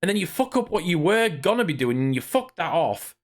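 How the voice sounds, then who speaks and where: Brisk and a little high, with big swings in pitch, a man swears his way through an angry gaming rant on stream. He speaks to his chat and sounds thoroughly irritated.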